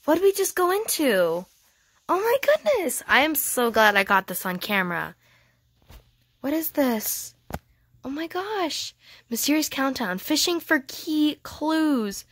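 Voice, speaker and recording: A woman giving casual, excitable gameplay commentary, gushing and giggly as she thinks aloud. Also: high voice, measured pace, dry recording. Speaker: gaming channel host.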